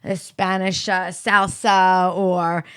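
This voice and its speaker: A middle-aged woman telling stories in casual chat, profane and animated, acting out what people said. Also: fairly low pitch, slow, clear, resonant tone, no room sound. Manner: profane, animated storytelling with acted-out quotes. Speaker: podcast co-host.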